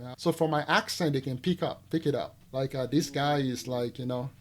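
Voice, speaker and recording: A man's voice: mid-range voice, steady tone, normal speed, few pauses. A man from Nigeria with a Nigerian accent, a podcast guest recounting his past in a casual interview, using many fillers and acting out dialogue. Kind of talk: storytelling interview.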